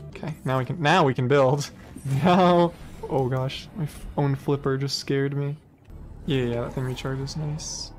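A man's voice: mid-range voice, moderate pace. A young man streams a game live, chatting loosely and rambling between thoughts. He shrieks and laughs whenever something startles him. Faint game music plays under his voice. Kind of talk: live gameplay commentary.

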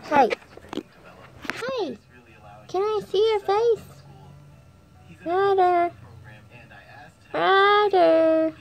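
Woman, home-vlog mom, very high voice, unhurried, playfully teasing baby talk to a toddler. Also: soft background music. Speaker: mother talking to her toddler. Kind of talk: home vlog, talking to a child.

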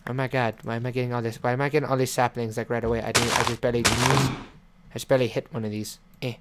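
Over loud game background music in a very noisy recording, a fast-talking man comments casually on his survival game. His medium-pitched voice shows little pitch movement, and his rambling is full of fillers and melodramatic mock apologies.

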